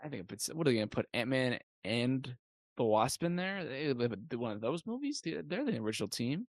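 A man co-hosting a podcast in casual comedic chat, wry and sarcastic and quick to laugh. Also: medium pitch, sing-song, dry recording. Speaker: podcast co-host.

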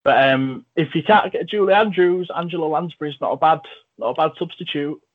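A man's voice: on the high side, brisk, narrow, tinny audio. A man hosting a casual film chat, talking with enthusiasm and a joking manner. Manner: chatty, enthusiastic, jokey. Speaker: podcast host and film reviewer.

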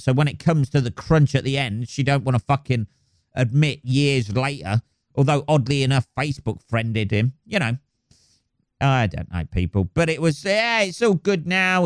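Guy rambling on his own podcast, swears a lot, smooth clear voice, dead dry sound. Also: medium pitch, no echo. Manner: rambling, sweary, many ums and restarts. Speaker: podcast host. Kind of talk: solo podcast monologue.

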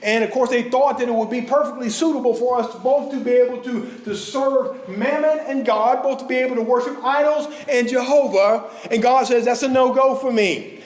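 A man preaching a sermon as guest speaker, swinging from loud raised scripture quotes to hushed low passages. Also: normal speed, few pauses, roomy sound.

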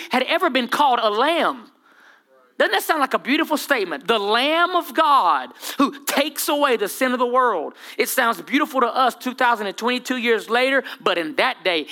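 Male pastor, bright forceful tone, playful energetic sermon delivery. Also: very high voice, moderate pace. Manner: lively preaching with humor and dramatic voice drops.

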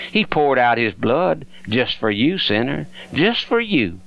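A man's voice: medium pitch, very animated, a little slow, creaky, hardly any pauses, lo-fi sound. A man preaching a radio sermon, earnestly pleading with listeners and addressing them directly as his friends.

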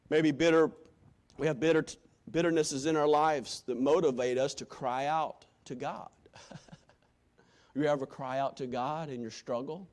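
A male preacher giving a sermon, quoting scripture in old-fashioned wording and swinging from shouted appeals to hushed, quiet lines. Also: on the high side, fairly even intonation, a little slow. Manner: impassioned, swinging from loud shouting to hushed tones.

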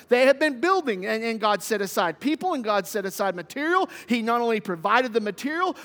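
A man's voice: very high voice, fairly bright tone. A male pastor preaching a sermon in a church, emphatic and repetitive, with rhetorical questions. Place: church sanctuary. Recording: long hall reverb.

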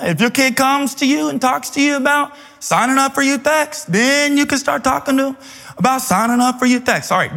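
A man with a high, bright voice preaches a sermon as a youth pastor, loose and playful, dropping slang and quick asides. His voice carries a long reverb, like a big church hall.

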